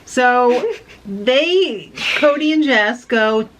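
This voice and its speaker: A woman's voice: on the high side, expressive, extremely slow, noisy background. A woman co-hosting a casual recap chat, tossing out dry wisecracks. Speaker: co-host.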